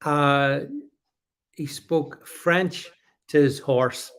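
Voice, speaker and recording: A man's voice: on the high side, clear, resonant tone. A man co-hosting a podcast, chatting casually about politics and reading out live comments, with many restarts. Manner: halting, many restarts, animated. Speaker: podcast co-host.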